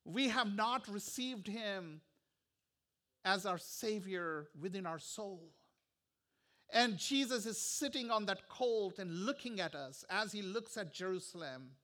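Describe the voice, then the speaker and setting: Male preacher, bright and clear, unhurried, repeats lines for weight, hushes at key points. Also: high voice, expressive. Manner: earnest, repetitive preaching with soft, hushed stretches. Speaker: pastor. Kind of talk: sermon.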